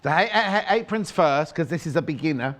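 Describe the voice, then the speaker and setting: A man hosting live shopping television, with a slightly raised pitch and a very animated, swooping delivery. He jokes and teases between product prices in a chatty, playful way. His voice is picked up by a clip-on mic in a studio. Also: fairly quick. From United Kingdom. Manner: playful, teasing, chatty, lots of asides. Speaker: shopping channel presenter. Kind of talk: live TV sales chat.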